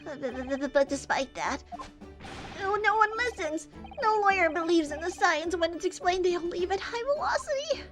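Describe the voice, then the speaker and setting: A woman voicing an eccentric, excitable male professor, stammering and fussy, while reading a game's dialogue aloud. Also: very high voice, normal speed, over music, pitched above the performer's own voice. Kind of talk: voicing a video game aloud on stream.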